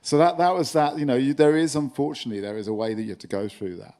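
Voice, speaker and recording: A man's voice: mid-range voice, fast. An older man with a London accent, speaking bluntly and with animation as a panelist at a conference. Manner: blunt, animated, laughs at himself. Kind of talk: panel discussion. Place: conference stage with live audience.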